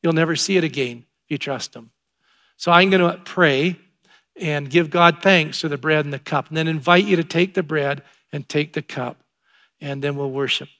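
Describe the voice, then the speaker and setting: A man preaching as a pastor, telling a story in a conversational way that rises to excited emphasis. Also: fairly high pitch, normal speed. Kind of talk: sermon.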